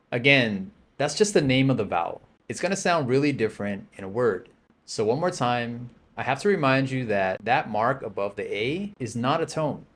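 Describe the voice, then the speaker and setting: A man teaching a language lesson, patiently explaining and modeling words for the listener to repeat. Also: mid-range voice.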